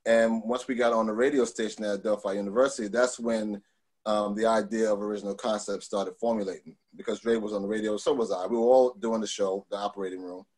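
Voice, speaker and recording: A middle-aged man from Long Island, telling stories in a casual interview, animated, with many fillers and restarts. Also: on the low side, quick pace. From Long Island, New York. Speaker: guest.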